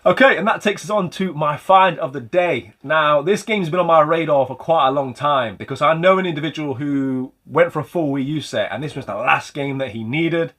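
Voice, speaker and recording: A man's voice: a little high, normal speed, few pauses, fairly bright tone. Chatty man showing off game finds. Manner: chatty, rambling, light self-mocking humor. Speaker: retro game collector and channel host. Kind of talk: casual vlog chat about game pickups.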